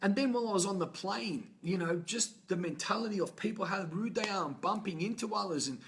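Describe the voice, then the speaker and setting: A man's voice: high-pitched, brisk, fairly bright tone, slight background noise. A man giving a fervent, profane motivational talk on a live stream from a hotel room. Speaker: motivational coach. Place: hotel, indoors.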